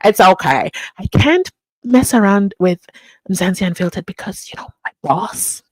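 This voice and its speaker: A woman's voice: medium pitch, expressive, normal speed, darkish tone, no echo. A woman hosting a channel, chatting casually and playfully while she reads out viewer comments. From South Africa. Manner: playful, teasing, laughs often.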